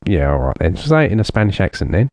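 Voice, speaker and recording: A man presenting a radio show in a relaxed, jokey way, rambling with plenty of fillers. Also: low-pitched, quick pace, no room sound. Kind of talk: casual radio chat.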